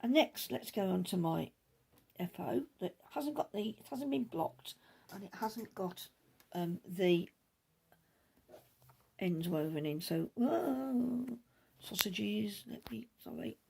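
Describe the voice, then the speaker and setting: A middle-aged woman hosting a knitting podcast, chatting casually in a rambling, quick way with many asides, recorded at home on a camera mic. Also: medium pitch, animated, gravelly, mellow, husky. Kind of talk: casual chat.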